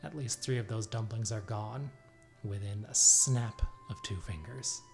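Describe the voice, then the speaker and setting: A man narrating as game master of a tabletop game, describing scenes in a relaxed storytelling way. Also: lowish voice, unhurried, creaky, faint music behind.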